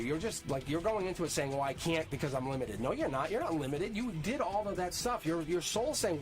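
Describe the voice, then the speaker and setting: A man's voice: fairly high pitch, animated, a little fast, hardly any pauses. A man hosting a live tarot reading stream, talking casually and upbeat to viewers in the chat and laughing often. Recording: music playing underneath. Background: music playing.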